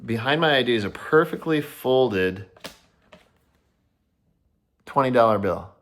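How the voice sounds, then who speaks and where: A man telling a personal story to the camera, rambling, restarting often and sounding excited. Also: mid-range voice, unhurried.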